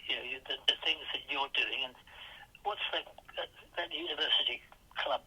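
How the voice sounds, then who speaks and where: A man's voice: mid-range voice, moderate pace, pushed and bright, husky, poor audio. An older man with a posh English accent, telling rambling anecdotes as a podcast guest in a casual interview. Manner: rambling anecdotal storytelling with many restarts.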